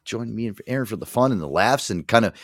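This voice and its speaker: Low-voiced, rambling male talk host. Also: animated, fast talker, no echo, studio quality. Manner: rambling, many fillers and restarts, laughs a lot. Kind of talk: casual chat.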